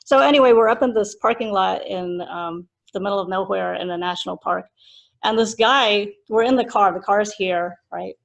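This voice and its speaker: A woman's voice: medium pitch, normal speed, vocal fry, poor audio. A middle-aged woman, a Buddhist nun, teaching a class casually and telling a personal story with frequent laughs. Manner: chatty, laughs often while telling a story.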